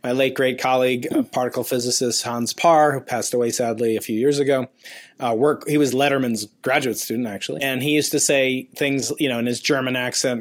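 A man's voice: mid-range voice, fairly even intonation, a little fast. A man in his fifties, a physics professor hosting an interview, chatty and rambling with many stammered restarts. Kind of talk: conversational interview.

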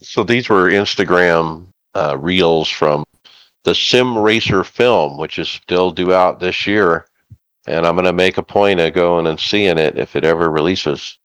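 A man with a very deep, smooth, resonant voice talking casually as a podcast co-host. The sound is close and dry, and he explains things at an easy, measured pace. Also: fairly bright tone, no room sound, lo-fi sound. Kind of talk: casual chat.

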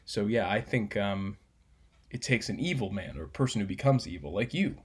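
A man co-hosting a casual chat podcast, swearing, teasing and talking with animated energy. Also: lowish voice, normal speed, husky. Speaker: podcast co-host.

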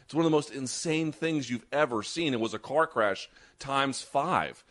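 A man talks combat sports on a show he co-hosts, with fast, animated delivery. His opinions come out strongly, with a mid-range voice. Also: mid-range voice. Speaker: podcast co-host. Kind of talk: casual sports chat.

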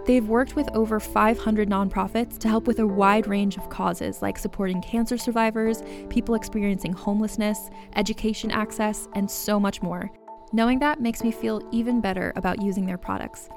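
Ad read, woman, mid-pitch, chatty pitch over a clear music bed. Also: fairly even intonation, moderate pace. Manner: friendly, conversational product pitch. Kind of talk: sponsor read.

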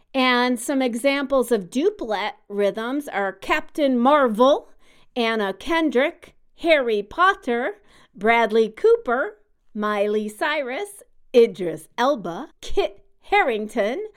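Animated woman explaining with a smooth voice. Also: on the high side, slow pace. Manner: explanatory, musical-teacher tone, sings out examples. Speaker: podcast co-host. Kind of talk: casual podcast chat.

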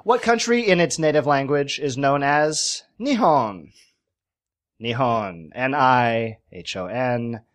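A man's voice: medium pitch, animated, slow pace. A man hosting a quiz on a casual podcast, playful, spelling out words letter by letter. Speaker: quiz host.

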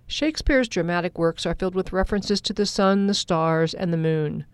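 Smooth woman radio reporter, clear voice. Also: lowish voice, normal speed, dry recording, studio quality. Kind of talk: scripted radio narration.

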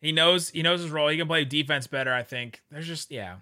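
Male podcast co-host, upbeat, slightly high voice, bright tone, casual sports talk. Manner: excitable, quick to joke and laugh.

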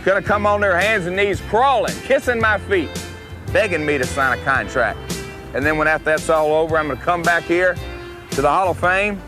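A man plays a swaggering young wrestler with a thick Tennessee twang, bragging and sneering in a drawling promo voice. The voice sits high, and country guitar music plays loudly behind him. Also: fairly quick, natural voice. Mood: gloating. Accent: Southern US, Tennessee. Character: cocky young male wrestler, would-be country star. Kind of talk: archival promo vignette.

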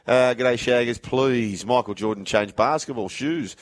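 A man's voice: mid-range voice, measured pace. A man hosting a sports radio show, chatting casually and reading out listener messages. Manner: chatty, reads out listener messages and phone numbers. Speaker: radio host.

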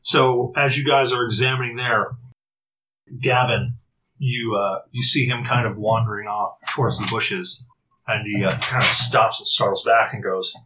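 A man's voice: medium pitch, steady tone. Guy dm narrating a tabletop game, lots of um and restarts, bit of hiss. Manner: halting, with frequent restarts and fillers. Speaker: game master.

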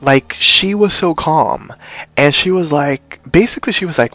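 A man co-hosting a podcast, casually recapping a TV episode and acting out the characters' lines in quick, playful voices. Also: a little high, lively intonation, pushed and bright, no echo. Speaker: podcast co-host.

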